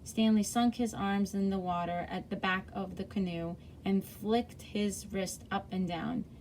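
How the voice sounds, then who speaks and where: A woman's voice: mid-range voice, steady tone, a little slow, a little mellow, a little hiss or hum. Woman reading a children's chapter book aloud. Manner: friendly, with frequent small slips and self-corrections.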